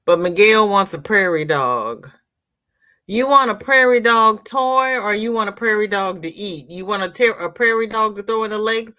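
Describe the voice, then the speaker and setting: A woman's voice: medium pitch, normal speed, pushed and bright. A woman hosting a crochet live stream, chatting casually and reading viewer comments aloud with playful asides. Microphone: computer mic on a live stream.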